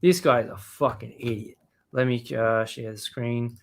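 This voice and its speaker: A man's voice: mid-range voice, steady tone, moderate pace. Man ranting and swearing on stream. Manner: angry, swearing, loud outbursts then mutters. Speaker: show host. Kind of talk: profane live-stream rant.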